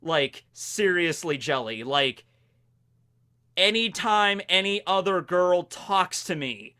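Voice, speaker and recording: A man voicing an earnest young woman witch who pleads calmly and reasonably. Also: on the low side, takes it slowly, exaggerated voice. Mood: fond exasperation.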